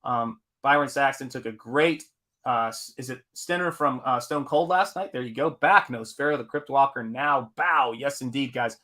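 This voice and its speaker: A man hosting a casual live stream, with a bright, forward voice. He rambles through viewer comments, full of ums and asides. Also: medium pitch, normal speed. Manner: rambling, reads chat aloud with fillers.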